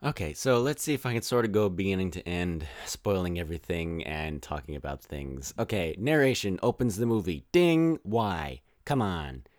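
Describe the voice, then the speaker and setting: A young man hosting a podcast, rambling through a casual spoiler-filled film review with exasperated, animated rants. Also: low-pitched, brisk, few pauses, no room sound, studio quality.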